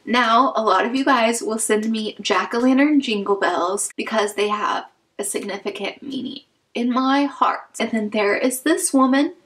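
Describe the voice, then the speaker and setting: Opening fan mail on her casual vlog, this YouTube host, a young woman from Wichita, Kansas, sounds gushing and emotional, dropping "like" often. She speaks at normal speed in a slightly high, somewhat bright voice, captured on a low-quality recording.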